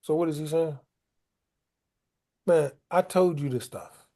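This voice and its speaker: A man's voice: fairly high pitch, measured pace, dark tone. A man leading a Bible study, explaining scripture in loose, colloquial everyday talk. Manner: colloquial, paraphrases scripture in casual street talk. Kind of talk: conversational Bible study teaching.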